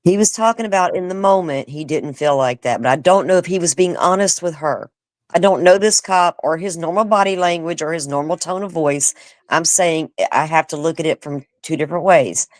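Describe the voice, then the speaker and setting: A woman co-hosting a casual true crime talk show, blunt and calm. She steadily argues the other side of the point. Her voice sounds close and dry. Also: deep voice, brisk, no echo. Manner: blunt, calm, plays devil's advocate. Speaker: co-host. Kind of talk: casual chat.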